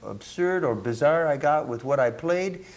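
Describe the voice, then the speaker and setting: A middle-aged man from Buffalo, New York, a jazz saxophonist telling lively anecdotes in a casual interview, laughing and acting out what others said. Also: a little high, moderate pace. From Buffalo, New York, USA. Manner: animated, laughing storyteller who acts out quotes. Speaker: guest musician, jazz saxophonist.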